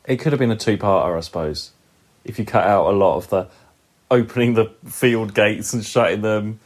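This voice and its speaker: A podcast co-host chatting casually about a TV episode, easygoing and quick to laugh. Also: mid-range voice. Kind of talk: casual chat reviewing a TV episode. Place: recorded together in the same room.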